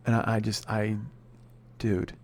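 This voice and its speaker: A man's voice: lowish voice, completely flat delivery, measured pace, a little mellow, slight background noise. A man from Chicago hosting a podcast, telling a rambling, profane, self-deprecating story in a casual way. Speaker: podcast host.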